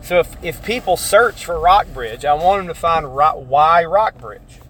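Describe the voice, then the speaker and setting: A man's voice: fairly high pitch, expressive, measured pace, a bit bright, a little hiss or hum. A man hosting a podcast in a casual opinion monologue, rambling, correcting himself and mimicking other people's voices when he quotes them. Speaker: podcast host.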